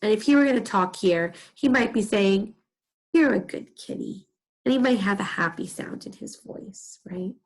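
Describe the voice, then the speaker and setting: Breathy teacher reading aloud to children. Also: female voice, mid-range voice, moderate pace, hardly any pauses, low-quality recording. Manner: expressive, animated storytelling.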